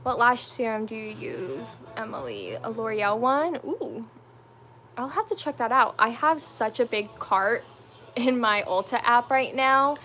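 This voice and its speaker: A woman's voice: a little high, unhurried, bright, forceful tone, soft background music. A young woman at home chatting casually with viewers while doing her makeup, rambling with lots of fillers. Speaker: lifestyle livestream host.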